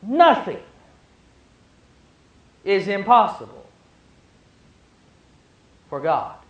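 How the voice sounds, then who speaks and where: A man's voice: fairly high pitch, expressive, slow pace, a bit bright, echoey room, highs cut off. A male pastor preaching a sermon, telling the story with emphasis and joking asides to the congregation.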